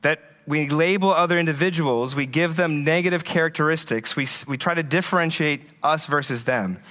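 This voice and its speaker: Animated preacher in an echoey hall. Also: male voice, fairly high pitch, a little fast. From USA. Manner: conversational, animated storytelling with frequent restarts. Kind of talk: conference sermon. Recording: echoey hall with long reverb.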